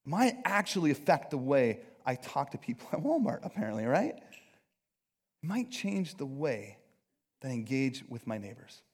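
A man's voice: mid-range voice, sing-song, moderate pace. A man preaching a sermon in an earnest, conversational and self-deprecating way. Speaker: pastor.

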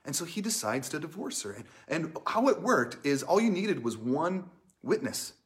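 A man's voice: fairly high pitch, sing-song, moderate pace. A man preaching a casual, conversational sermon, reading scripture aloud and playfully acting out the people in the story. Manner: chatty, many "like" fillers, acts out characters playfully. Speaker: pastor.

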